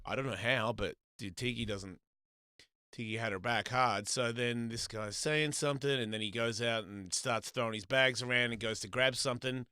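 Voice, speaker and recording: A middle-aged man hosting a live stream, telling an animated, profane story in casual chat. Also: medium pitch, moderate pace, clear, resonant tone, no room sound, clean studio sound. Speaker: host.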